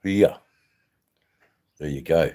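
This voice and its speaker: Very deep, slow and mellow, this older man with an Australian accent casually hosts a livestream chat. He reads viewers' comments and answers them, laid-back and rambling, with lots of fillers.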